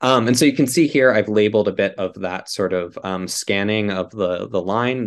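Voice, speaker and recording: A man's voice: lowish voice, moderate pace, vocal fry, few pauses. A man giving an academic literature lecture, explaining patiently to an audience with frequent ums and small self-corrections.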